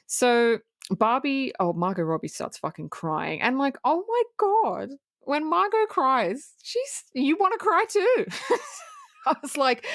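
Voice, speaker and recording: A woman co-hosting a film podcast, recapping scenes in a blunt, profane, animated way and acting out quoted lines. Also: a little high, a little slow, no echo, clean studio sound. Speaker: podcast co-host. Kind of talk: casual film review chat.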